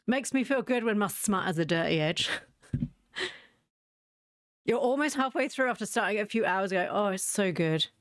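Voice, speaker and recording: A woman's voice: medium pitch, lively intonation, a little slow, pauses often, dry recording. Giggly woman streamer. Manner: chatty, giggly, self-mocking. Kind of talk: casual game stream chat.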